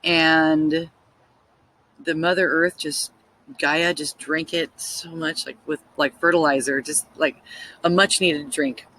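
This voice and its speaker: A woman casually telling a story, excitable and full of "like" fillers, acting out her own thoughts in quotes. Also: low voice, takes it slowly, a little hiss or hum, poor audio. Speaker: spiritual storyteller.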